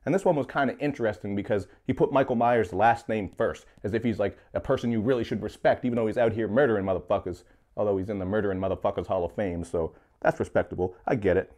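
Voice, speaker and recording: A young man giving a casual rant review of a mixtape, joking and swearing with animated asides. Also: on the low side, fast. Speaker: music reviewer.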